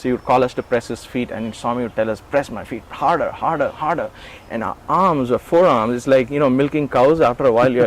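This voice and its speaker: In a storytelling interview, a middle-aged man of medium pitch relives his assistant years, bringing quoted conversations to life with animated delivery. There's slight background noise and the recording quality is low.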